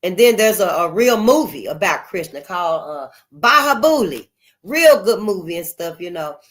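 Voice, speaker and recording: A woman's voice: lowish voice, sing-song, moderate pace, fairly bright tone. An older woman hosting her channel in a casual, unscripted monologue, emphatic and repetitive, calling her listeners honey. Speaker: channel host.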